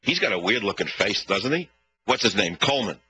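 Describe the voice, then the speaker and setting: A man's voice: lowish voice, sing-song, brisk, bright, forceful tone, poor audio. A man hosting a talk radio show, telling a long indignant story and mimicking the people in it. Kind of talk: rambling monologue. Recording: radio broadcast with faint hum.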